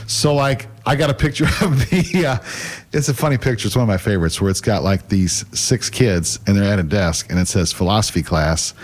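Speaking a little fast in a voice on the low side, a middle-aged man tells stories as a guest. He teaches a faith class, and his casual, earnest delivery includes occasional stammers and restarts.

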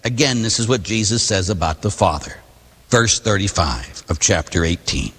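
A priest giving a sermon in a conversational, emphatic preaching manner. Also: male voice, lowish voice, lively intonation, moderate pace, a bit bright, slightly rough, long reverb tail.

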